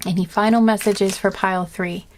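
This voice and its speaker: A woman giving a casual spoken tarot reading to her viewers, gentle and earnest, rambling with many fillers and restarts. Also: medium pitch, steady tone, moderate pace, slight background noise. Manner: earnest and emotional. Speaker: tarot reader.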